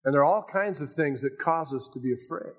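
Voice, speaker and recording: An older man preaching a sermon as pastor, swinging between raised emphasis and hushed asides. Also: a little high, brisk.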